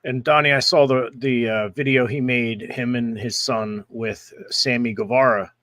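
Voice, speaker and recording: A man hosting a casual podcast chat, animated and swearing casually. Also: mid-range voice, a little slow, no echo. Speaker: podcast host.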